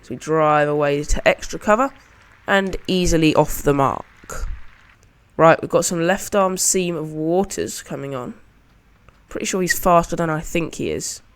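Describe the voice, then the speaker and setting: A man with a slightly higher-than-usual voice hosts his own gaming channel. He keeps up a relaxed, chatty running commentary, describing every shot as he plays it. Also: normal speed, clean tone. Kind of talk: casual game commentary.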